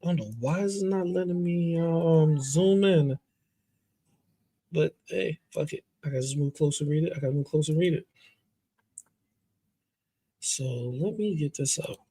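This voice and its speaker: A man delivers laid-back drama commentary in a somewhat higher-pitched voice. He talks directly to his viewers in a loose, chatty way and reads documents aloud as he goes. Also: a little slow, long pauses, warm tone, slightly rough. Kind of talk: casual commentary.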